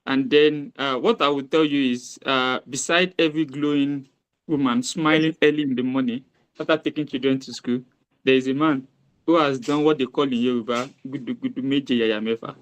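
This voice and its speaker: A man's voice: mid-range voice, fairly even intonation, normal speed, clean tone. A man with a Nigerian accent co-hosting morning radio talk, joking in playful banter. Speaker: radio co-host.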